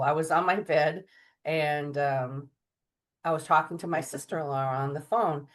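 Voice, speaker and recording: A middle-aged woman telling her story as an interview guest, chatty and animated, acting out the voices of people she quotes. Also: low-pitched. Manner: chatty, many fillers and restarts. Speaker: guest medium.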